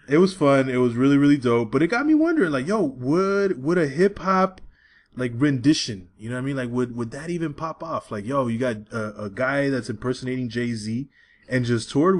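Animated young man, laughing storyteller. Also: medium pitch. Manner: animated storytelling, laughs a lot, says "dog". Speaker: podcast co-host. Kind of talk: casual chat.

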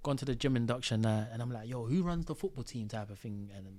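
On a podcast, a male guest tells his story in loose, slang-heavy talk, voicing the people in it with lively energy. His pitch is an ordinary middle height for a man, and he speaks quickly in a casual, animated storytelling chat.

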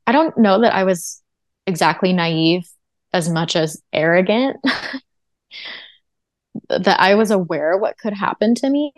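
Low, gravelly-voiced woman sharing testimony. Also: dry recording. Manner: earnest and reflective, with frequent fillers. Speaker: interview guest. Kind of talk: personal testimony in a podcast interview.

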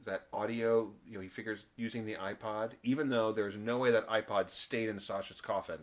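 A man's voice: on the low side, brisk. A man co-hosting a podcast, chatting casually and animatedly about a TV episode. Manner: animated, jumps into voices when retelling. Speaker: podcast co-host.

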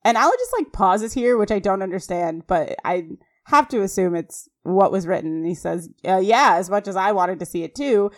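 Woman recapping a sitcom episode, chatty. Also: medium pitch. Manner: animated, reads quotes aloud quickly. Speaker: podcast co-host. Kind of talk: casual recap chat.

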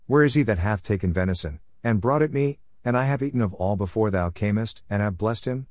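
A man's voice: on the low side, lively intonation, a little fast, a little mellow, dry recording, lightly acted. A man reading the lines of an aged blind father, in a solemn King James cadence. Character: aged blind father blessing his sons.

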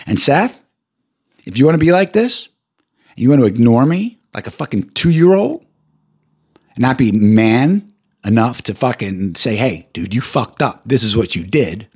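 Angry husky-voiced man ranting. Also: big pitch swings, unhurried, darkish tone. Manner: profane, ranting, voice jumps high when heated. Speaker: podcast host. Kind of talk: angry solo rant.

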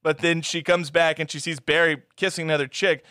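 Animated man with a dry close sound. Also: brisk, no room sound. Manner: animated, swearing, mimics film characters in high shouts. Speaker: podcast co-host. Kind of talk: casual movie-review chat.

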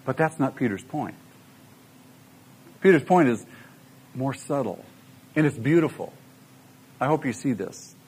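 A man's voice: medium pitch, animated, unhurried, long pauses, darkish tone, breathy edge. A middle-aged man preaching a sermon, emphatic and full of rhetorical questions to the congregation. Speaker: pastor.

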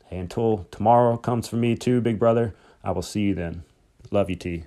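A man's voice: fairly low pitch, moderate pace. A middle-aged man hosting a podcast, telling rambling, conversational stories about his late brother, grieving but hopeful. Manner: conversational and rambling, with restarts and soft chuckles. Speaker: podcast host. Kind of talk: personal storytelling, memorial tribute.

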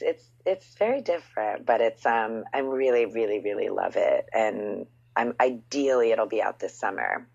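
Woman, 30s, deep husky voice, chatty storyteller guest, lo-fi podcast sound. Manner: storytelling, animated quotes, frequent "like". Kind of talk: casual chat.

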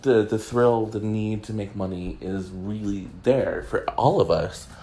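A man's voice: lowish voice, measured pace, mellow, slight background noise. A man hosting a podcast alone, rambling and joking in casual chat with lots of fillers. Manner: rambling, chatty, jokey, many fillers. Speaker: podcast host.

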